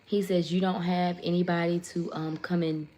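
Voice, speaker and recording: A woman, hosting a casual livestream, retelling a story in an animated way and reading viewer comments aloud. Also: fairly low pitch, moderate pace, slight background noise. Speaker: livestream host.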